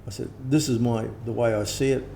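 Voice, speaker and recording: An older man, talking casually and rambling as an interviewed teacher, often clearing his throat. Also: medium pitch, steady tone, a little fast, dark tone, a little hiss or hum. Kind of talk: casual conversation.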